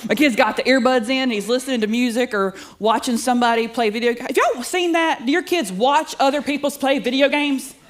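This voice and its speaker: A woman's voice: high voice, brisk, few pauses. A middle-aged woman with a drawl works a stand-up set on a handheld stage mic. She is sassy and self-mocking, and she keeps chatting straight to the crowd. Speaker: stand-up comedian. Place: comedy club studio with live audience.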